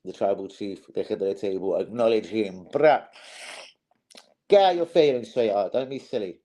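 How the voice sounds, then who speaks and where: A man's voice: on the low side, moderate pace, warm tone, rough recording. A young man hosting a casual live stream, swearing freely and calling his viewers "bros".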